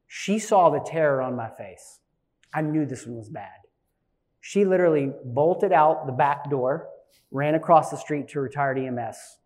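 A man in his forties preaching from the pulpit with a fairly high voice. He tells stories with animated energy and jumps from loud, punchy bursts to quiet, hushed asides. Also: normal speed. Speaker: pastor. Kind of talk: sermon with personal storytelling.

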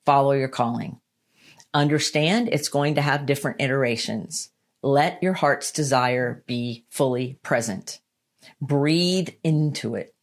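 A woman giving a motivational self-help talk, earnest and emphatic, repeating her key lines and slowing down to stress them. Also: rumbling low. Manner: slows down to stress points. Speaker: motivational speaker.

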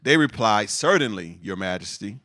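Here a man with a fairly low pitch speaks at ordinary speed while preaching, moving between scripture readings and spirited, laughter-filled tangents full of repeated words for emphasis.

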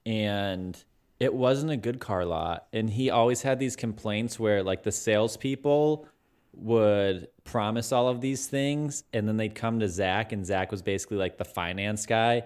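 A man's voice: lowish voice, measured pace, clear, resonant tone. A man co-hosting a podcast, telling stories in casual chat and acting out other people's lines. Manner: animated storyteller, acts out voices. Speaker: podcast co-host.

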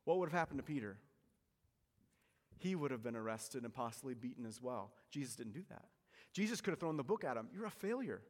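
A pastor preaching a sermon, swinging between forceful emphasis and hushed, soft lines. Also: male voice, medium pitch, expressive, brisk, in a large hall.

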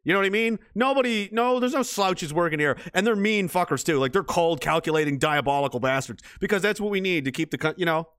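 A man with a notably high voice rants in mock outrage, playing a gruff spy-agency boss reacting to a clip. His talk is profane and sarcastic, rambling and full of restarts. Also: lively intonation, fast, hardly any pauses, fairly bright tone. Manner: rambling with frequent restarts and fillers. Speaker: commentator.

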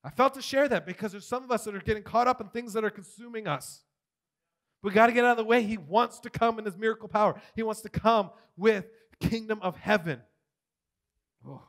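Man, high voice, preacher, animated testimony, loud and hushed swings. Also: brisk. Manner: animated storytelling, swings from shouting to near whisper. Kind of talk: testimony sermon.

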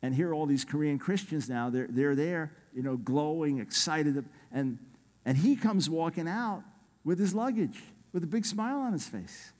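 A man preaching as a guest speaker, telling a story with animated delivery and acted-out quotes. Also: on the high side, normal speed, long reverb tail. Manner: animated, acts out quoted voices, repeats words when excited. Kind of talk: sermon storytelling.

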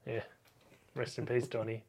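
A man's voice: medium pitch, monotone, normal speed, vocal fry. A young man hosting a podcast in casual chat, laid-back and self-deprecating, often trailing off and restarting. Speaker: podcast host.

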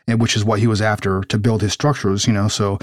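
A man's voice: on the low side, level tone, fast talker, no room sound, clean studio sound. A man co-hosting a casual podcast chat, rambling with many restarts and casual swearing. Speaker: podcast co-host.

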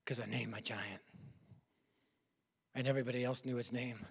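A man in his fifties preaching a sermon and telling a personal story, animated, swinging between loud bursts and hushed confessional lines. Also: mid-range voice, moderate pace, vocal fry, husky. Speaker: pastor. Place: large church hall. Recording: long hall reverb.

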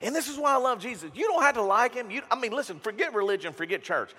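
Give me an emphatic pastor, preaching in a high, lively, swooping voice. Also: male voice, fast talker, in a large hall. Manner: animated, emphatic, joking storyteller. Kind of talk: sermon.

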